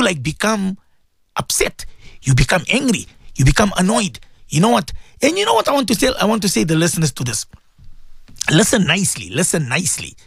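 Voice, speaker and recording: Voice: mid-range voice, vocal fry, breathy edge, dry recording, clean studio sound. A radio host giving a preaching talk, emphatic and repetitive, asking rhetorical questions and dropping Arabic religious phrases into English.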